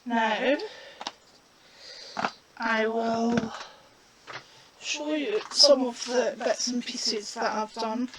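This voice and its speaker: Woman colouring stamps, slow chatty talk, high-ish voice, crowd noise behind. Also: fairly even intonation. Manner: chatty, unhurried, talks while working. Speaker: craft demonstrator. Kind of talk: casual crafting demonstration.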